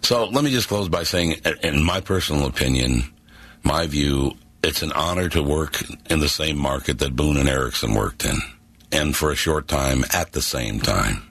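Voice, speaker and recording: A man's voice: rumbling low, moderate pace, vocal fry, fairly bright tone, dry recording. A man hosting a radio talk show, telling stories and jokes in a casual, emphatic way. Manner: storytelling, jokey, emphatic. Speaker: radio host.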